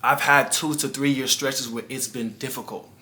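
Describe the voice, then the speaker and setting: A man's voice: medium pitch, fairly even intonation, normal speed, pushed and bright. A man, a life coach, telling a personal story in an earnest motivational monologue, speaking straight to the viewer and acting out the dialogue.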